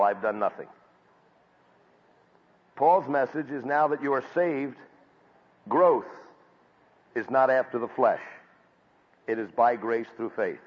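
A man preaching a sermon from scripture, building up to loud emphatic peaks and then dropping back low. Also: husky. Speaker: pastor. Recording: dull audio with long hall reverb.

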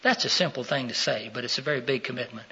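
Raspy bright-voiced male preacher, lo-fi. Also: medium pitch, fast. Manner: calls out questions to the congregation, rising to loud emphatic peaks. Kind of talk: sermon. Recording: dull lo-fi sound.

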